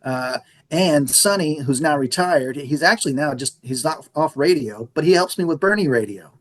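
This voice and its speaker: A radio station manager, middle-aged and from the San Antonio area of Texas, relates anecdotes in an informal interview. His voice is a little high and moderately paced, and he animatedly acts out the conversations he describes.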